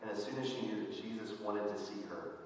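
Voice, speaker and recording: A pastor preaching an earnest sermon, his voice growing louder and more emphatic on key points. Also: on the low side, fairly quick, slight background noise. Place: church sanctuary. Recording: echoey church hall, voice from a distance.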